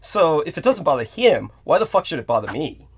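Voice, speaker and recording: A man's voice: on the high side, sing-song, brisk, slightly rough. Emphatic male talk-show host. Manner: emphatic, repeats himself, addresses listener by name. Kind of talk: casual call-in chat.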